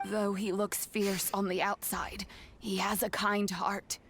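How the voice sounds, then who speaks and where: An actress playing a wise, stern elderly grandmother in a video game, speaking in a calm, measured way. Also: medium pitch, a little hiss or hum. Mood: scolding.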